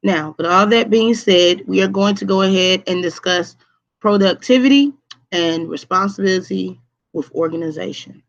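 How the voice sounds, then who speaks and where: A woman's voice: mid-range voice, moderate pace, highs cut off. Emphatic woman teacher on a livestream. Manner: repetitive, emphatic, checks in with "okay?". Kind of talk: live online class lesson.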